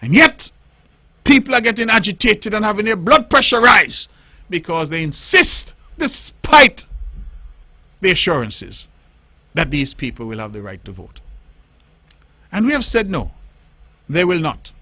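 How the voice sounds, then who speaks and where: A middle-aged man, a politician hosting a radio call-in show, who explains his case point by point in a deliberate, emphatic way and repeats key lines for stress. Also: sits high, big pitch swings, bright, forceful tone, dry recording. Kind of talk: radio talk monologue. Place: radio studio.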